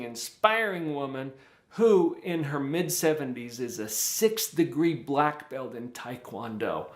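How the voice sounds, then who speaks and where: Animated man giving a motivational talk, roomy. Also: mid-range voice. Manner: animated, acts out quoted voices. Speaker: show host. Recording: echoey room.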